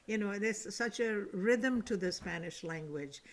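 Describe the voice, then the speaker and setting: Online meeting participant, mid pitch, reflective and hesitant delivery, video call. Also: a little slow, slight background noise.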